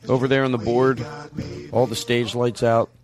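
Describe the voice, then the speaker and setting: A man's voice: mid-range voice, little pitch movement, normal speed. A man hosting a comedy show, rambling loosely and joking around, swearing and singing nonsense syllables.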